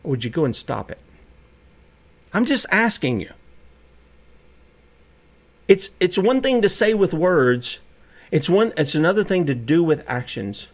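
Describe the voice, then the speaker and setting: A man's voice: fairly high pitch, sing-song, measured pace, long pauses. A man hosting a call-in talk radio show, speaking in an impassioned, preachy way and firing off rhetorical questions.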